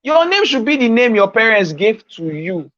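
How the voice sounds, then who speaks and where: A man's voice: high voice, very animated, normal speed, fairly bright tone, dry recording, lo-fi sound. A Nigerian man giving an informal coaching talk on social media marketing, teasing his listeners and repeating his key points.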